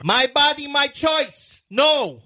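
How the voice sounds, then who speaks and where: A man's voice: very high voice, animated, slow pace, voice pushed up, heavily acted. A man putting on a ranting Slavic-accented coach. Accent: Russian-style put-on. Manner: broken English, loud and ranting. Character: excitable Eastern European male basketball coach.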